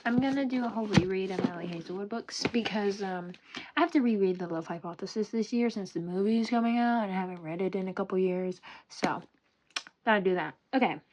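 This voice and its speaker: A young woman showing off her book collection in a casual, excitable, rambling vlog at home. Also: mid-range voice, a little fast, highs cut off. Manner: excitable, gushing, giggly, rambling. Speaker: book vlogger. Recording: noisy home recording.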